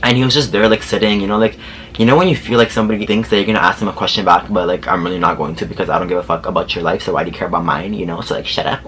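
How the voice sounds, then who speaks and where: A young man telling a story to camera in a casual vlog, sassy and animated, swearing freely and laughing often. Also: sits low, very fast, slight background noise.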